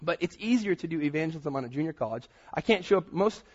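A man in his thirties preaches with a slightly husky, breathy voice that sits a bit higher than most men's. He tells stories from his own life and acts out what people said to him. The sound is dull and lo-fi. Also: lively intonation, quick pace. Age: 30s. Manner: storytelling with acted-out quotes. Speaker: pastor. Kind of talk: sermon.

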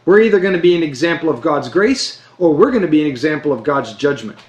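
Man, preacher, earnest sermon, emphatic, slows for emphasis, high voice, echoey room. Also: expressive. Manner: earnest, emphatic, slows down to stress key phrases. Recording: roomy echo.

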